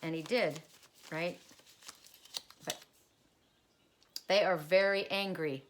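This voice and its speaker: A woman's voice: on the low side, steady tone, slow, pauses often, fairly bright tone, slight background noise. A middle-aged woman giving a solo oracle card reading, musing aloud and repeating card messages in rambling asides.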